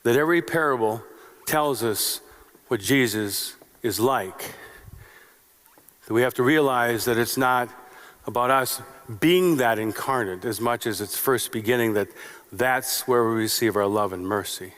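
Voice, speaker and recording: A man's voice: medium pitch, measured pace, fairly bright tone. A male pastor preaching a sermon in short, repeated phrases and rhetorical questions. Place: church sanctuary. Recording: long reverb of a church sanctuary.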